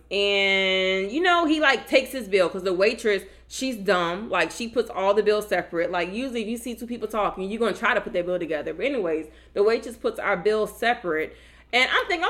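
A woman co-hosting a casual podcast and telling a story. She plays out each line of dialogue and swings up sharply in pitch for the quotes. Her voice sits at a middle pitch and has a relaxed, chatty flow. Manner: animated, acts out quotes with big pitch jumps. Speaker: podcast co-host.

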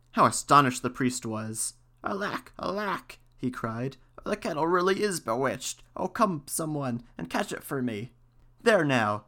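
A man reading an old folktale aloud as a storyteller, in a calm, unhurried way, giving the characters light voices. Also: medium pitch.

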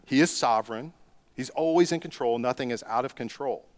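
A man's voice: mid-range voice, fairly quick. A middle-aged man delivering a sermon as a pastor, asking rhetorical questions and rising into emphatic bursts.

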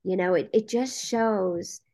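A woman guest on a podcast interview, a casting director and producer telling a story in a lively way with frequent "um" fillers. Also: medium pitch, slow pace.

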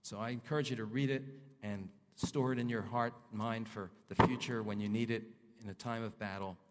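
A male pastor preaching a sermon, reading scripture aloud and voicing prayers with fervor, his pitch rising and falling. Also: fairly even intonation, fairly quick. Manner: rises and falls in pitch, voices prayers with fervor. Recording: long hall reverb.

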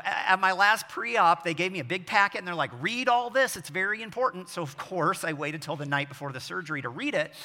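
A man in his forties preaching a sermon as pastor, telling self-deprecating stories with animated delivery. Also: fairly high pitch. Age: 40s. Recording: long echo of a large hall.

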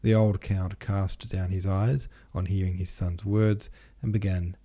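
A man narrating a classic novel in a measured reading. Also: sits low, level tone, warm tone. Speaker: podcast host, reader. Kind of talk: scripted narration.

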